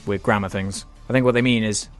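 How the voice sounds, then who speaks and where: A man's voice: fairly low pitch, steady tone, fast, clear, resonant tone, faint music behind. Sarcastic sweary British man ranting. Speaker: YouTuber reacting to comments. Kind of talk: sarcastic comment-reply rant.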